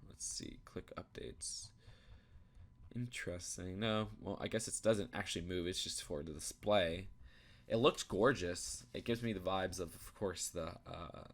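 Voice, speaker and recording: Casual low-voiced man reviewing builds. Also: fairly bright tone. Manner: thinking aloud, many fillers and restarts. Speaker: YouTube reviewer. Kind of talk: casual commentary while browsing.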